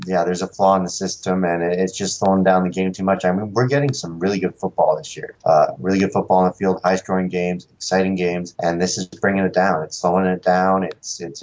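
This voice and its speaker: A man with a very low voice, heard through a dull, lo-fi mic. He calmly backs up his co-host with measured complaints in casual sports talk.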